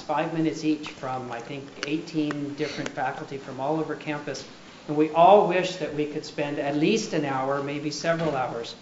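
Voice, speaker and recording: A man hosting a lecture, introducing the speaker with many hesitant fillers. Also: on the high side. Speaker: lecture series host. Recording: echoey muffled room with faint noise.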